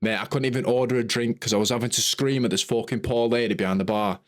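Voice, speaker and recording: A young man telling an animated, sweary story in a casual podcast chat. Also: mid-range voice, quick pace. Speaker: podcast host.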